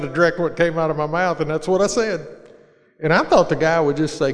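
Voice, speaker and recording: A man's voice: on the high side, fairly quick. A middle-aged man earnestly sharing his recovery story, plain-spoken, with restarts. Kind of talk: personal storytelling talk. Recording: long reverb of a large hall.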